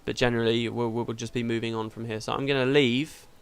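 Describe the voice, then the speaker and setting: A man's voice: mid-range voice, flat delivery, fast talker, clear, resonant tone. A man hosting a let's play, chatting casually through the game and laughing easily.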